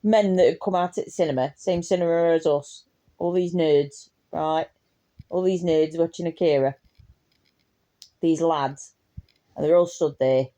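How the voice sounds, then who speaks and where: A woman's voice: low voice, steady tone, unhurried, pauses often, dark tone. A young woman tells a casual storytime anecdote, laughing often and swearing freely. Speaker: vlogger.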